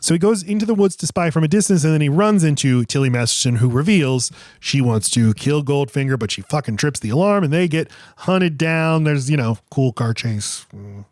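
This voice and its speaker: A man co-hosting a podcast, retelling a film scene by scene in casual, animated chat. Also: on the high side, normal speed, dry recording, clean studio sound. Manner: animated retelling with swearing and voice impressions. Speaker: podcast co-host.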